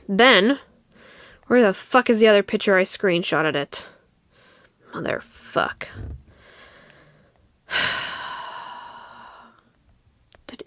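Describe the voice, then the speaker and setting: A woman's voice: medium pitch, a bit bright, dry recording. Young adult woman, podcast host, casual storytelling, indignant and profane, mid-range voice, dry close mic. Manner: heated, profane, indignant retelling.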